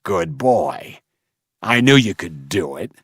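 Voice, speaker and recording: A man's voice: low-pitched, big pitch swings, slow, a bit bright, slightly rough, dry recording, clean studio sound, full character voice. A man voicing a cruel, mocking male slaver leader in an audiobook, snarling and taunting. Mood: menacing.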